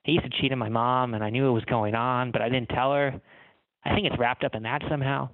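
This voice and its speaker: A man's voice: mid-range voice, fairly even intonation, quick pace, dry recording, close to an everyday voice. A man reading as an ashamed, insecure bartender on a tinny line. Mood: confessional.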